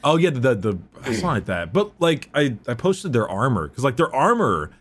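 Young man, casual book talk, relaxed, laughs a lot, swears, animated intonation. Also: mid-range voice, brisk, slightly rough. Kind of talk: casual chat about books.

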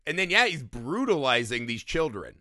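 A man in casual chat about a movie, animated, swearing freely and acting out quotes with laughs. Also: medium pitch, normal speed, no room sound, studio quality. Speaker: movie podcast co-host.

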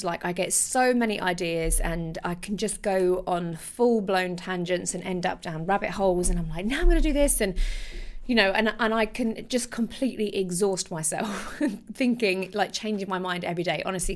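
Young woman, podcast host, chatty, low and slightly gravelly voice. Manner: chatty, animated, with restarts and laughs. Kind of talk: casual solo podcast talk.

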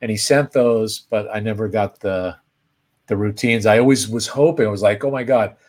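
Guy cohosting a chill q&a, tells stories all animated, voice jumps up when he gets excited. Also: moderate pace. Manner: animated storyteller, pitch leaping when excited. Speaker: host. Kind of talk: casual anecdote telling.

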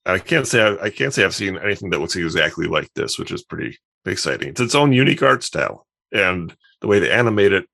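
A man with a very low, gravelly voice, chatting casually about games. He talks with easy enthusiasm, often pausing to restart his thoughts. The sound is close and dry. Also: very animated, sharp tone, dry recording. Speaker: podcast co-host. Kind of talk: casual chat.

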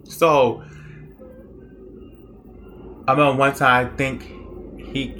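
A man's voice: medium pitch, flat delivery, slow, bright, forceful tone, faint music behind. A young man casually telling a story about his own past in a rambling, conversational way, full of fillers and restarts.

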